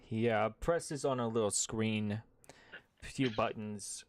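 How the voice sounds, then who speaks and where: A man in his thirties narrating as game master with a relaxed, wry manner. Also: lowish voice, takes it slowly, no echo, studio quality.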